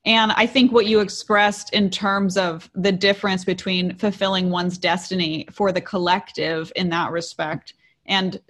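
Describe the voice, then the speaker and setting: A woman's voice: mid-range voice, steady tone, unhurried, a bit bright. A woman in a reflective group discussion who responds in an affirming, considered way. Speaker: discussion participant.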